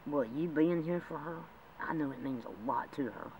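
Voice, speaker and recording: A man's voice: on the high side, moderate pace. A man talking in a rambling, emotional way in a homemade drama, with frequent laughs. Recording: distant mic with loud background noise.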